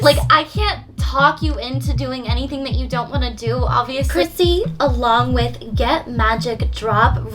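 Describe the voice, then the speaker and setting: A young woman chatting through an unboxing video, bubbly and gushing, with frequent gasps and giggles. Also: on the high side. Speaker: unboxing vlogger. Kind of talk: casual unboxing chat.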